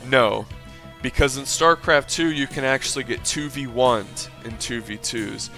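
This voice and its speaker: A man's voice: medium pitch, measured pace, sharp tone, faint music behind. A man commentating his own game match with brash, profane ranting asides. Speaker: gameplay commentator.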